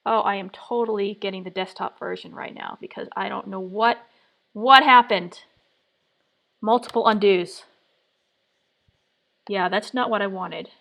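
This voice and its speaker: A woman's voice: medium pitch, steady tone, moderate pace, gravelly. Woman thinking aloud on a live stream. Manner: muttering, trial-and-error self-talk.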